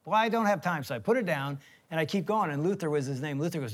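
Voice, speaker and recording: Middle-aged male co-host, animated storyteller, slightly high voice. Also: quick pace. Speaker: co-host, former team chaplain. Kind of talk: storytelling marriage talk.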